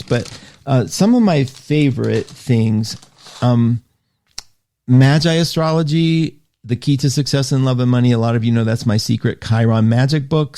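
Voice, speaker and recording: A male radio host talking to listeners in a chatty, animated way, often breaking off mid-sentence and reading listener comments aloud. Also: mid-range voice. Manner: chatty, animated, self-interrupting. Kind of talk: live radio show monologue.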